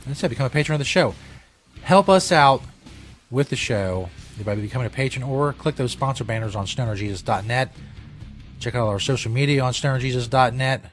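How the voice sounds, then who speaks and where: A man with a mid-pitched voice hosts a casual radio show, loose and profane as he plugs links. Faint music plays behind him. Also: fairly quick. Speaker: host.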